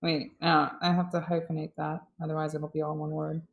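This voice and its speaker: A woman's voice: deep voice, flat delivery, a little fast, vocal fry. A woman who sounds sarcastic all the time, chatting casually as a player in an online tabletop game.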